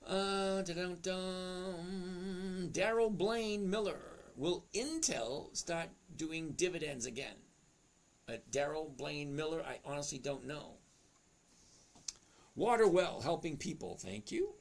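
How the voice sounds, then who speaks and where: A man's voice: on the high side, expressive, a little slow, gravelly. A man hosting a stock trading livestream, chatting casually, greeting viewers by name and explaining charts step by step. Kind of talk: casual livestream chat reading viewer comments.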